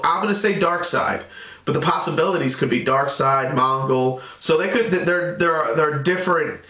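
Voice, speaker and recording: A man's voice: on the high side, pushed and bright, echoey room. A man casually recapping a cartoon episode in a loose, rambling way. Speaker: show reviewer.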